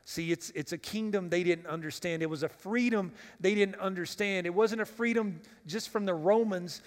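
A man's voice: sits high, moderate pace. A man preaching a sermon as pastor in a church, talking casually and directly, putting questions to the congregation and often repeating words as he restarts. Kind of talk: conversational sermon. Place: church sanctuary. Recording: long reverb of a church hall.

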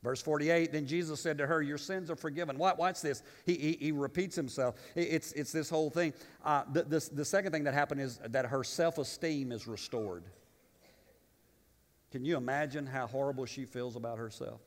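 A pastor preaching in a fairly high voice that climbs and booms at the big moments, then drops to quiet asides. He stumbles and repeats words as he goes. The sound carries a long hall reverb. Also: normal speed. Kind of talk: sermon.

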